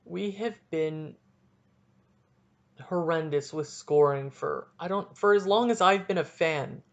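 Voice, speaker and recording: A young man hosting a solo sports podcast, ranting excitably and cutting himself off mid-sentence. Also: fairly high pitch, slow pace, creaky, highs cut off. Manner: excitable, ranting, self-interrupting. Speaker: podcast host.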